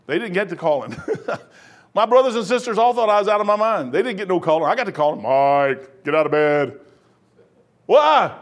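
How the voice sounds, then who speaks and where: A man in his sixties preaches with a notably high voice. His delivery is folksy and lively, dropping to near-hushed asides and then climbing into loud bursts, and he acts out the people in his stories himself. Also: quick pace. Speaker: pastor. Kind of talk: preaching a sermon.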